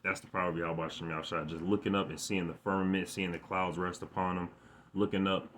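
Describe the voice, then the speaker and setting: Low-voiced man stammering through scripture. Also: a little hiss or hum. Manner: halting, repeats words, stammers when excited; reads verses aloud with more force. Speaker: scripture teacher. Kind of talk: informal scripture lesson. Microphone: phone.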